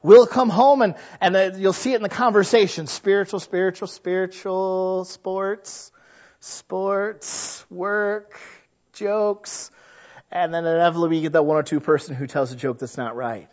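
A man's voice: a little high, fast talker, few pauses, darkish tone, lo-fi sound. A man preaching a sermon in a conversational way, acting out the thoughts of his listeners. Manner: conversational, acts out quoted inner voices. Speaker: pastor.

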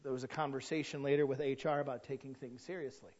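A man preaching a sermon as a pastor, swinging from quiet storytelling to loud shouted points, with humor. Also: mid-range voice, fairly even intonation, quick pace. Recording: dull lo-fi sound.

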